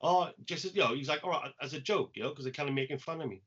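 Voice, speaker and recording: A man's voice: fairly high pitch, rapid-fire, slightly rough. Lo-fi man telling a story. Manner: animated anecdote-teller, acts out quoted lines. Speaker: poet and podcast co-host. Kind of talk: casual storytelling chat. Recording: dull lo-fi podcast audio.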